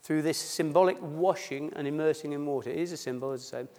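Male pastor, drops his H's, fairly high voice, sermon, reads scripture then chats it through, long church reverb. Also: fast, a little mellow. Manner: reads scripture aloud, then explains it conversationally. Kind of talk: sermon at a baptism service.

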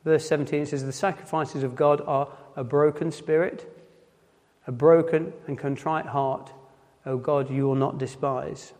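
A man with a Nottinghamshire accent giving an informal sermon in church, halting and often repeating words as he restarts. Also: a little high, steady tone, darkish tone. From Nottinghamshire, England. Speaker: preacher. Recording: long hall reverb.

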